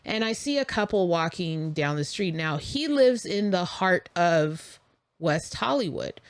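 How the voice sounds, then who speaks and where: A woman with a somewhat low voice chats through a story as a podcast host, loose and conversational, leaning on likes and you-knows. The sound is close and dry, with no room around it. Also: lively intonation, measured pace, no echo. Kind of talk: casual storytelling.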